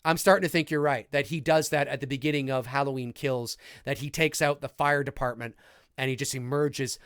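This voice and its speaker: A man in his forties from Canada, hosting a casual live movie commentary podcast and reading out viewer comments in a chatty, animated way. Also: mid-range voice, a little fast, smooth, no echo, clean studio sound. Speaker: podcast host.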